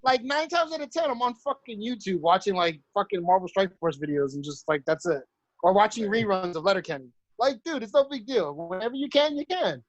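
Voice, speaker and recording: A man's voice: sits high, lively intonation, a little fast, dry recording, dull audio. Chill podcast guy cursing, retells stuff in voices, very dry sound. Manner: profane, laid-back, acts out quoted friends. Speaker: podcast co-host. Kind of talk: casual chat.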